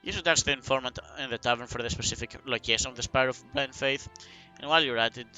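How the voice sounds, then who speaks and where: A man voicing a grieving, gruff island man who is bitter about his reckless sister, reading it aloud low and subdued. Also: fast, pushed and bright, soft background music, low-quality recording. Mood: somber. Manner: reading game dialogue aloud, somber.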